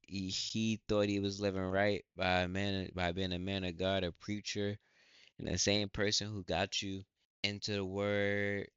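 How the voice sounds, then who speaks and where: Male reaction host, very deep and smooth, blunt and slangy. Dry, dull mic. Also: little pitch movement, measured pace, a bit bright, no echo. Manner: blunt slangy talk with fillers. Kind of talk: casual reaction commentary.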